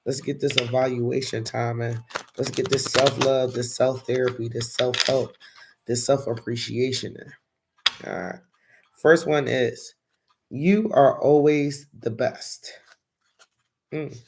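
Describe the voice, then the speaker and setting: Gravelly-voiced Philly man reading tarot. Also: medium pitch, fairly even intonation, takes it slowly, long pauses. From Philadelphia. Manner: chatty, reads affirmation cards aloud and talks to viewers in the chat. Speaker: tarot reader. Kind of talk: casual live-stream tarot reading.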